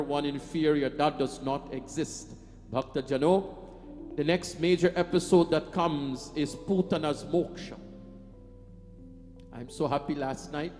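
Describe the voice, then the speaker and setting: A man's voice: fairly high pitch, darkish tone, big-room sound. A man preaching an emphatic devotional sermon, breaking into sung devotional lines. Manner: emphatic, sings devotional lines between speech. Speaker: katha preacher. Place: temple hall.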